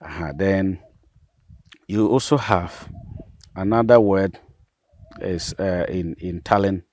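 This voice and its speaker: A man, a pastor, patiently explaining vowel sounds and repeating each example word slowly. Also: sits low, darkish tone. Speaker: pastor and language teacher.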